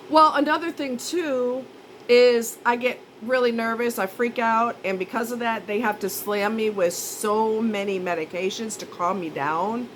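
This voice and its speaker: A woman with a somewhat high voice tells a story casually, rambling and chatty. She pokes fun at herself as she goes, and a faint ambient hum sits behind her. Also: fairly even intonation, normal speed, low-quality recording. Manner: rambling, chatty, self-mocking. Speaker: vlogger.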